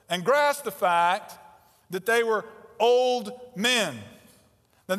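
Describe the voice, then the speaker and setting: A man's voice: very high voice, a bit bright, big-room sound. A man in his fifties, a pastor preaching an expository sermon, emphatic and repeating key phrases for stress.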